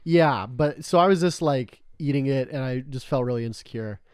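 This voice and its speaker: A man's voice: mid-range voice, moderate pace, darkish tone, smooth, no room sound. Rambling joking young man, dry sound. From Canada. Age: young adult. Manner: rambling storyteller, heavy filler "like", joking and swearing. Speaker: podcast co-host. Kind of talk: casual chat.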